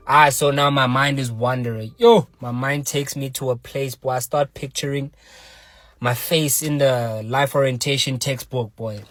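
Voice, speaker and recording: Man, casual storytime, animated slangy delivery, loud music in the background. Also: mid-range voice, normal speed. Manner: animated, slangy, repetitive, swears often.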